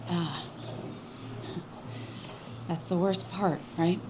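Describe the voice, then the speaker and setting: A woman's voice: fairly low pitch, fairly even intonation, extremely slow, noisy background. A grieving, guarded young woman. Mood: sad. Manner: weary, emotional. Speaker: video game character. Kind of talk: game voice acting.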